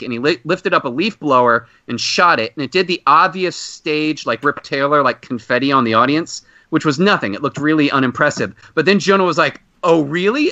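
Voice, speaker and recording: A man hosting a podcast, telling a long casual story and acting out loud exclamations. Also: on the high side, no echo. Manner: animated anecdote with loud acted-out exclamations. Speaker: podcast host. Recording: dull muffled podcast audio.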